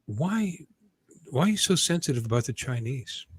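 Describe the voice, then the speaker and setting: Male show host, mid pitch, dry close mic, loose rambling banter that keeps restarting. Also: very animated, normal speed, breathy edge, dry recording. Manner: rambling, jokey, self-interrupting. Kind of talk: casual livestream chat.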